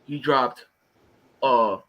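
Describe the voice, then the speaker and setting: A man who coaches, talking about a race in a halting, soft-spoken way. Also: mid-range voice, highs cut off. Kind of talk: casual sports talk.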